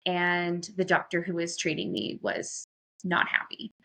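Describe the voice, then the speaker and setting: Podcast guest, woman, bright clear voice, open and chatty, telling her own story with plenty of fillers. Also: lowish voice, completely flat delivery, measured pace. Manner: chatty, frequent "like" fillers, quotes herself. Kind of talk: candid personal storytelling.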